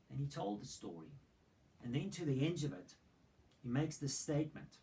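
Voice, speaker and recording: A man's voice: a little high, expressive, fairly quick, a little mellow, poor audio. A man preaching a sermon. He retells a Bible story dramatically and throws in rhetorical questions. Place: church hall.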